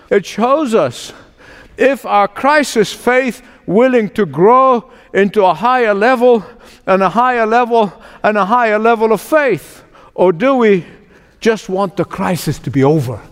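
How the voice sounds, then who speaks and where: A male pastor preaching a sermon with emphatic repetition, shifting from slow, drawn-out phrases to quick runs. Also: high voice. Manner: emphatic, repeats phrases for stress; shifts between slow, drawn-out and rushed delivery. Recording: long reverb from a large hall.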